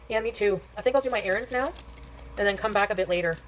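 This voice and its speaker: A woman rambles through an outdoor livestream from her scooter, complaining about feeling sick and often restarting her sentences. She talks at a rapid clip. Traffic and city noise run loudly behind her. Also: mid-range voice. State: nauseous. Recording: clip with loud street noise.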